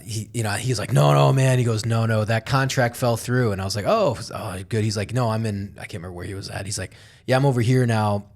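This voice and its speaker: A man hosting a podcast, chatting casually and animatedly, swearing often and acting out quotes. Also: lowish voice. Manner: animated, swearing, quoting others in lively voices. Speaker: podcast host. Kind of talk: casual chat.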